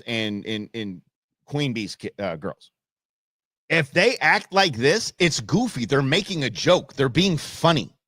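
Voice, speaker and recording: A man hosting a talk show, rambling bluntly and swinging between loud rants and muttered asides. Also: medium pitch, no echo, clean studio sound. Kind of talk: casual opinionated monologue.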